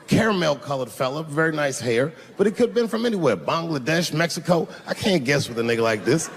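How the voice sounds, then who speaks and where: A man performing a stand-up set, telling a profane story that swings from low, drawn-out lines to high shouts. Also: expressive, noisy background. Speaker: stand-up comedian. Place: large theater stage. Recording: reverberant theater with loud crowd laughter.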